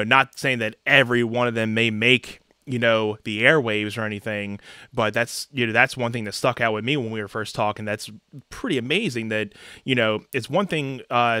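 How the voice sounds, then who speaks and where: Male podcast host with a bright, resonant mid-range voice, easygoing and filler-heavy. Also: mid-range voice, clear, resonant tone, no room sound. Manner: rambling questions full of fillers. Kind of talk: casual interview chat.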